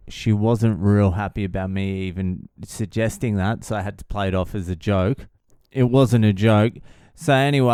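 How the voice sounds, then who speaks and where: A sardonic man in his thirties, swearing freely as he tells a story in a casual monologue. His voice is smooth and resonant, recorded close and dry with no room sound. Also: on the low side, darkish tone, no echo. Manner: profane, sardonic, exasperated. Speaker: vlogger.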